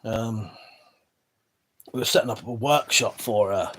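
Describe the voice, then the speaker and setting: Husky and a bit bright, this man's voice sits on the low side and stays unhurried. He's an English livestream host reading chat and talking casually in an indoor room with a wall of weapons, swearing freely and drifting off mid-sentence as he rambles.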